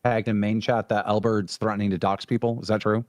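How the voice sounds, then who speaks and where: A man's voice: fairly low pitch, level tone, no echo, studio quality. A man heard in a played clip, firmly scolding a caller about threats. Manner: quick and firm, scolding.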